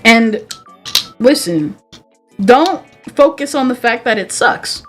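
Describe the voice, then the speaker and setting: A young woman streamer talks with a slight Southern twang in a slow, easygoing chat. Her voice sits a little high and swings widely in pitch, and she laughs often and restarts her sentences. Soft music plays faintly behind her. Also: lively intonation. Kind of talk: casual chat.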